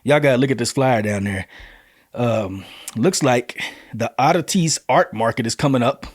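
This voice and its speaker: A man's voice: medium pitch, moderate pace, no echo. Male show host, medium voice, loose read of event flyers with jokey asides, dry close sound. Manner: laid-back, joking asides, reads flyers aloud with slips and corrections. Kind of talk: casual community-events rundown.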